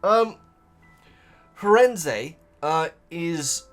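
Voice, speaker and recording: Rambling man, lively voice. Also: on the high side, very slow, faint music behind. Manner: rambling, self-interrupting, laughs often. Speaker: host reading viewer comments. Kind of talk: casual chat to camera.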